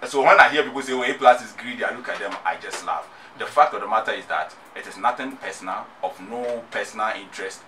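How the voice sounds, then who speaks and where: Fast, emphatic Ghanaian man. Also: lowish voice, sharp tone. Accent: Ghanaian English. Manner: emphatic, repetitive rhetorical speech. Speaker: musician and activist guest. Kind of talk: radio interview. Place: radio studio. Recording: distant mic, noisy studio.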